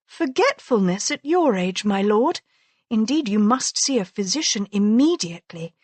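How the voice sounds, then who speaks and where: A woman voicing a sharp-tongued young noblewoman in an audiobook, with an arch, teasing manner. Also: mid-range voice, very animated, normal speed, slightly rough, dry recording. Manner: arch, teasing, mock-concerned.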